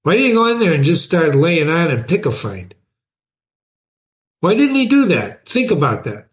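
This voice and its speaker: A man with a slightly high voice, speaking at normal speed, hosts a show where he reads a novel aloud. He is animated and keeps breaking off from the text to explain passages to his listeners.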